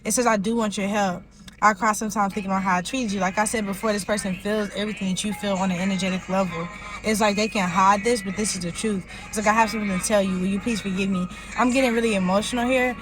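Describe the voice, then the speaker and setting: A woman's voice: medium pitch, steady tone, fast talker, music in the background, poor audio. A woman giving a casual tarot reading in a rambling way, leaning heavily on filler words. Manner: rambling, heavy use of "like" fillers. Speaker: tarot reader.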